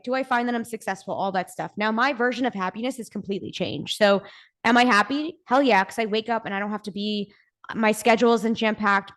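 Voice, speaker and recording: A young woman guesting on a podcast, talking candidly in a relaxed way, often saying "like" and swearing casually. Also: medium pitch.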